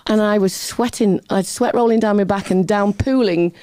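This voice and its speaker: A middle-aged woman, a guest on an interview show, telling lively, self-deprecating anecdotes in casual chat, often breaking into laughter. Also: medium pitch, moderate pace, dry recording. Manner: chatty, animated anecdotes with laughter.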